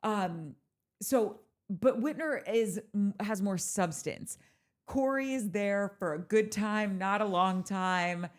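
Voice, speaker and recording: A woman's voice: medium pitch, slow. Chatty woman podcast co-host. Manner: chatty, jokey, laughs often. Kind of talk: casual recap chat.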